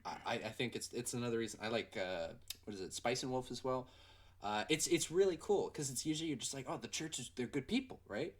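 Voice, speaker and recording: A young man hosting a casual livestream Q&A, rambling and excitable with lots of fillers. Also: medium pitch, fast talker. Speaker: livestream host and animator.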